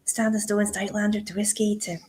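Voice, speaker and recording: Scottish woman, podcast co-host, chatty anecdotes, quick laughs, mid-pitched everyday voice. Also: little pitch movement, darkish tone, a little hiss or hum. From Scotland. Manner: chatty, laughs often while telling stories. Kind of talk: casual chat, anecdotal storytelling.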